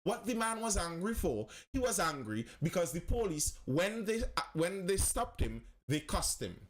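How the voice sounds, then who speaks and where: A man's voice: high voice, big pitch swings, normal speed. A man hosting a live-stream commentary. He talks with passion, repeats phrases for emphasis and answers viewers' comments as he goes.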